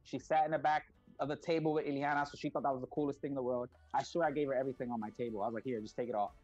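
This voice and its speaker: A middle-aged man tells stories as a guest on an interview show. He is animated and acts out other people's voices, with plenty of fillers. The audio is a little dull and lo-fi, with faint music underneath. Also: medium pitch, racing. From United States. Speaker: guest, parent behind a kids' YouTube channel. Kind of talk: casual interview storytelling.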